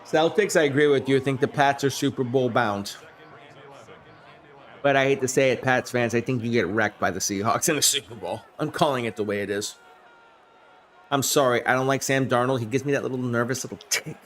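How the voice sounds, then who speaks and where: Talking a little fast in a mid-range voice, a man streams play-by-play of a simulated game while a faint hiss or hum runs underneath. He jumps up when big plays happen and answers viewers casually.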